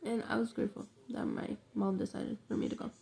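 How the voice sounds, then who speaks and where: A woman's voice: mid-range voice, flat delivery, fairly quick, creaky, dark tone. A young woman telling a rambling, slangy, profane story in a casual vlog. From New York City. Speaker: vlogger.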